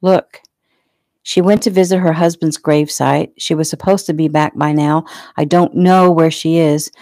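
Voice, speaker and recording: A woman voicing a tough, quiet lawman. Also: fairly high pitch, fairly even intonation, normal speed, no room sound, studio quality, natural voice. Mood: insistent. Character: tough wounded male undercover lawman, quietly commanding.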